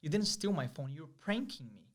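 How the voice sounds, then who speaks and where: A man's voice: fairly high pitch, lively intonation, fairly quick. A man acting out an angry roommate who accuses and threatens, in an accusing, menacing tone.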